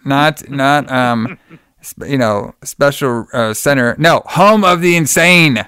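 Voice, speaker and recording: A man casually recapping a film for his podcast audience, rambling and dropping swear words, laughing as he acts out the characters' lines. His voice is smooth and clear, at an ordinary pitch. The recording is dry and close. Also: takes it slowly, pushed and bright, no room sound.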